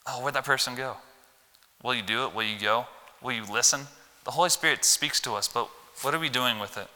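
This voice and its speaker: A man from the American Midwest preaching a folksy, animated sermon in church, swinging from loud emphasis to low asides. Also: a little fast. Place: church sanctuary. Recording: long hall reverb.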